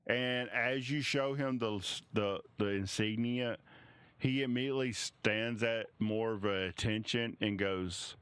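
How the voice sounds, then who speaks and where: Male game master, slow halting narration, clean and dry. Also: lowish voice, fairly bright tone, clear, resonant tone, no room sound. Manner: halting, many restarts and fillers.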